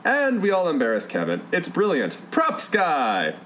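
A man's voice: on the high side, huge pitch swings, fairly bright tone, slight background noise. Giggly man hosting a podcast. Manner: giggly, quick banter. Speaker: podcast host. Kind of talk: casual podcast chat.

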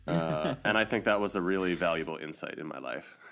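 Male co-host, low voice, animated and quick to laugh, casual chat. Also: gravelly. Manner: animated, laughs often, acts out quotes. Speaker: podcast co-host.

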